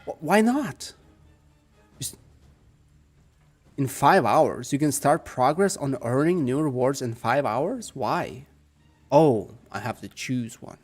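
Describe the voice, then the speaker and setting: A young man with a calm, soft-spoken manner chatting casually with viewers while playing a game at home. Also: mid-range voice, takes it slowly, soft background music. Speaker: gaming streamer. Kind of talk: casual live game commentary. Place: home room.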